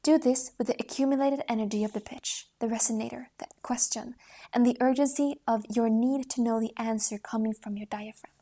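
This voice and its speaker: A woman reading aloud from a voice training book in a steady manner, stopping to demonstrate vocal exercises. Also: fairly high pitch, fairly quick. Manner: reads steadily, demonstrates vocal exercises with rising sung tones. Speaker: voice book reader.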